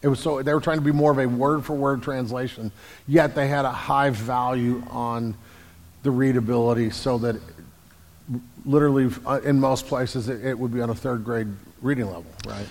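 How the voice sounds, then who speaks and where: Pastor answering questions in a reverberant hall. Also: male voice, medium pitch, steady tone, moderate pace. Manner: explanatory, repeats words when restarting. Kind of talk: Q&A about the Bible.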